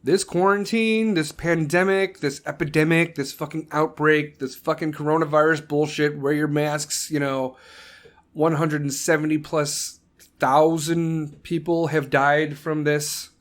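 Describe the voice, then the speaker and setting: An American combat veteran hosts a solo podcast, ranting with heavy profanity and putting on mocking voices when he quotes others. His voice is a little high, with fairly even intonation and a measured pace.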